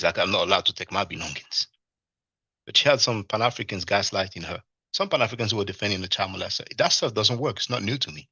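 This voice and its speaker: A deep-voiced man hosting a livestream talks quickly, his voice slightly rough, as he rambles through his own story with lots of fillers and restarts. It's a lively, casual retelling, recorded lo-fi with no echo.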